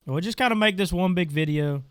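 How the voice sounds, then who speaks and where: A man's voice: sits high, a little fast, a bit bright, clear, resonant tone, dry recording. A man hosting a casual gaming tutorial, talking offhandedly while clicking through settings, his voice stuffy and congested. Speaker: gaming channel host. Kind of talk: casual screen-recorded tutorial.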